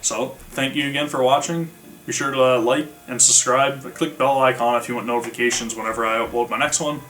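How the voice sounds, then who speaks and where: A man's voice: medium pitch, steady tone, a little fast, a bit bright. A man giving a casual, rambling spoken review of an old game, with lots of fillers and restarts. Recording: slightly distant mic with faint music behind.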